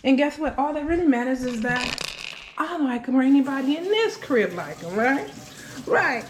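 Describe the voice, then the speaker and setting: A woman's voice: sits high, moderate pace, background noise. Chatty woman vlogging from her kitchen. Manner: chatty, animated, talks straight to viewers. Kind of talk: casual vlog storytelling while cooking. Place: home kitchen. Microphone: handheld phone camera.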